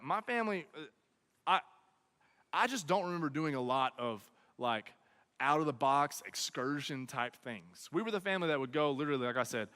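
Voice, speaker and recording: A man with a high, bright voice tells a comic personal story to students in an animated style. He keeps checking in with "okay?" and "right?", and his voice carries through a large hall with a long reverb. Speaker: speaker at a student event.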